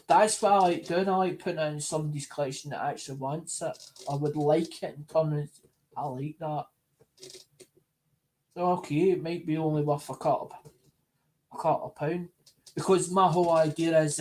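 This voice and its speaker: A man's voice: fairly high pitch, a little mellow. A man talking casually to his supporters, rambling and often repeating or restarting his phrases. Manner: talks to supporters in an unhurried, chatty way. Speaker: coin collector vlogger.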